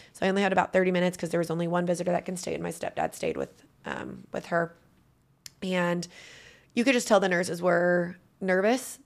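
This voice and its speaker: A woman's voice: on the low side, gravelly. A woman giving a guest interview, telling a personal story in an earnest, emotional way.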